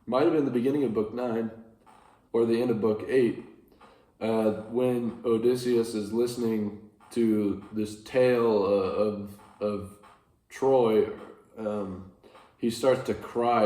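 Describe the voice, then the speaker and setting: Slow, lowish man in an echoey room. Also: warm tone. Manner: rambling, self-correcting, with dry asides. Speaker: teacher retelling a classic epic. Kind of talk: casual lecture retelling.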